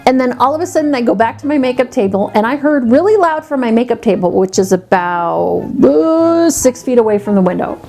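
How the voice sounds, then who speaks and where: A woman's voice: fairly high pitch, animated, a little fast, hardly any pauses, a little mellow, faint music behind. A woman beauty vlogger chatting casually, animatedly telling a story and acting out the people in it.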